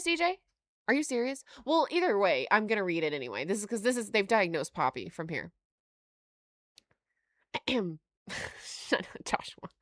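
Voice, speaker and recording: A woman hosting a live stream, reading notes aloud and reacting to chat with frequent laughter and animated asides. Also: mid-range voice, dry recording, clean studio sound. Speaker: livestream host.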